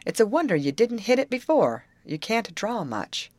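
A woman doing a gruff, kindly boatman. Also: medium pitch, very animated, moderate pace, darkish tone, dry recording, voice pushed up, natural voice. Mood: obliging. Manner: plain, homespun speech.

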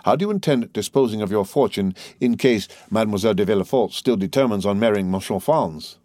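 A methodical notary presses his questions in a measured, formal way, read by a man in a lowish voice. It sounds dry and close, like a storybook reading. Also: lively intonation, dark tone, no echo, lightly acted. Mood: probing.

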